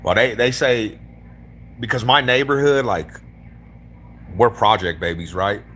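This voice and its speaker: A man's voice: medium pitch, a little slow, fairly bright tone, a little hiss or hum. A man from East Denver with a Denver accent, chatting casually on a live stream in a slangy, laid-back way. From East Denver, Colorado. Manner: slangy and laid-back, calls people homie, bro and fool. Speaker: livestreamer chatting with strangers.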